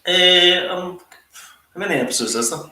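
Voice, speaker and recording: A man's voice: high-pitched, expressive, normal speed, bright, forceful tone, roomy sound. A man chatting casually on a podcast, hesitant and full of ums. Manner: hesitant, lots of ums and agreeing. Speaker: podcast co-host. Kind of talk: casual chat.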